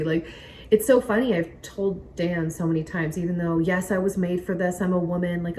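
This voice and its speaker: A woman's voice: fairly low pitch, fairly quick. Chatty young woman vlogging from home. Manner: chatty, rambling, excitable. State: pregnant, recovering from nausea. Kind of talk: casual chat to camera. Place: home, indoors by a window. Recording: somewhat distant mic, faint noise.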